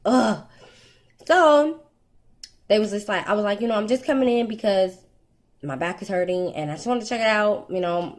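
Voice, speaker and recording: A young woman casually telling her viewers a personal story in a rambling, chatty way, with many fillers and restarts. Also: mid-range voice. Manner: candid and conversational, addresses viewers directly. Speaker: vlogger.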